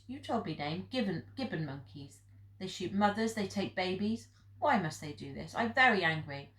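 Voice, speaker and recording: A woman's voice: fairly low pitch, a bit bright. A woman reading the part of an old Japanese hermit man who speaks in blunt, clipped broken English, recorded in an echoey room. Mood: intense.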